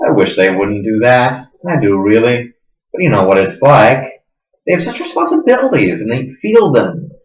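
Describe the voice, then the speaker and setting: An actor playing a smug, sadistic middle-aged interrogator who sneers and swings between hushed menace and sudden loudness, in a roomy, dull recording. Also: male voice, medium pitch, sing-song, moderate pace, close to an everyday voice. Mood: menacing. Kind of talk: stage drama acting.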